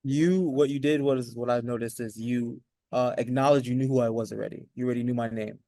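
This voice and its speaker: A man's voice: medium pitch, fairly even intonation, fairly quick, dark tone, dry recording, clean studio sound. A man practicing recruiting calls in a training session, polite and a bit hesitant. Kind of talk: practicing cold-call role-play.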